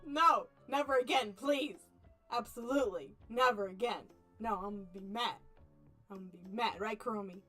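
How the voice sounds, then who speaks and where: A young woman streamer reading an otome game aloud and chatting with viewers, animated, laughing often and playfully mock-angry. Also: mid-range voice, fairly quick, soft background music. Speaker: VTuber streamer.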